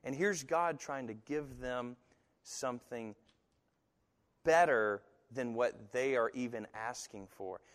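A man's voice: mid-range voice, slow. Man preaching in a reverberant hall. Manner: animated storytelling, puts on other voices in quotes. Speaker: pastor. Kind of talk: sermon.

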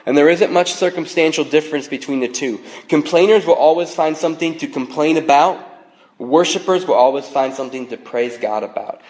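A man in his thirties preaching a sermon in a relaxed, conversational way, joking and using frequent fillers. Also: a little high, brisk. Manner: conversational, self-deprecating humor, frequent fillers. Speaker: pastor. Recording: long reverb of a large hall.

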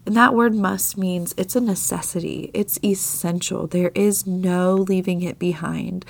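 A woman hosts a devotional podcast of Bible talk, speaking earnestly and confessionally with soft laughs. Her voice is lowish, steady, creaky and slightly scratchy because she's at the tail end of a mild illness. She speaks a little slowly with few pauses.

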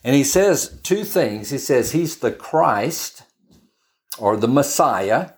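A man's voice: medium pitch, lively intonation, takes it slowly. Chatty male preacher teaching scripture. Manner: chatty and storytelling, with frequent restarts and asides. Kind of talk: conversational Bible teaching.

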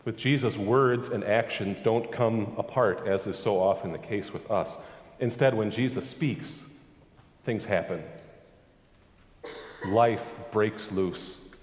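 A man's voice: fairly low pitch, slow pace. Preaching man in an echoing hall. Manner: emphatic preaching with rhetorical questions. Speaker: pastor. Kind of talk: sermon.

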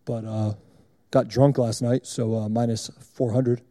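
A man doing an impression of a deep-voiced college friend who speaks in a gloomy monotone. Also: unhurried, no echo, clean studio sound, close to an everyday voice. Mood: flat. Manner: flat, unexcited, dismissive.

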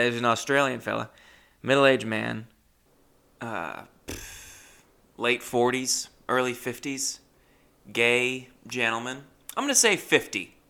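A man's voice: fairly low pitch, gravelly. A young man hosting a podcast, telling a rambling, self-deprecating story in a casual monologue. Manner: rambling, self-deprecating, jumps between loud and muttered asides. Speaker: podcast host.

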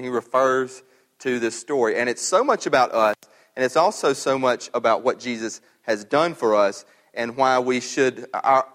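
A man's voice: mid-range voice, a bit bright. A man preaching a sermon as pastor, in a conversational way, often repeating words as he thinks aloud. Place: church sanctuary. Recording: long hall reverb.

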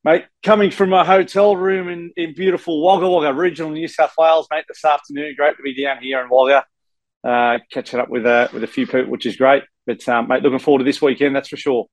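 A man's voice: fairly high pitch, fairly even intonation, fast talker, no echo, rough recording. An Australian man and former player co-hosting a casual sports podcast from a hotel room, rambling and dropping "mate" often. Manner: rambling, many fillers and restarts, says mate often.

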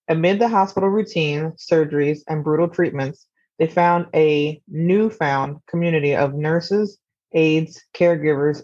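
A woman's voice: low voice, darkish tone, dry recording. A young woman guest on a podcast, talking casually and easygoingly over a video call. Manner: easygoing, reads a summary aloud. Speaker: guest, host's younger sister. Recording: slightly muffled video call audio.

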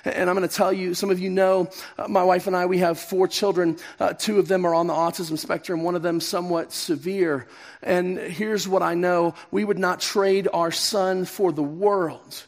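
A middle-aged male pastor preaching a sermon, swinging from emphatic peaks down to soft, quiet passages. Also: high voice, flat delivery, normal speed. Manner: impassioned, rising to emphatic peaks then dropping soft. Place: church sanctuary.

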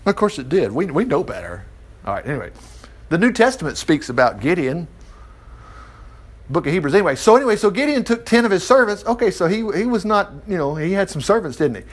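Animated high-voiced man reading scripture. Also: fast talker. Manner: animated, chuckling commentary. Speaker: preacher. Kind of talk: Bible reading with lively asides.

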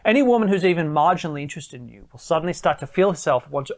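A man's voice: a little high, expressive, very fast. A man giving dating advice straight to camera, emphatic and repeating phrases for stress. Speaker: dating coach.

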